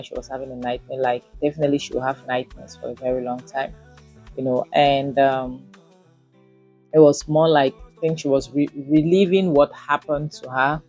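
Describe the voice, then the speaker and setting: A woman's voice: extremely low pitch, steady tone, moderate pace, dark tone, faint music behind. A Nigerian woman recapping and reviewing a drama episode in a casual, rambling way, with many fillers. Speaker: series reviewer.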